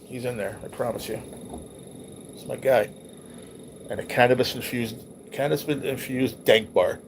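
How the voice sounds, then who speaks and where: A man hosting a livestream looks back over old photos, his casual talk rambling and sprinkled with profanity. His voice is medium-pitched at a moderate pace, with background noise present.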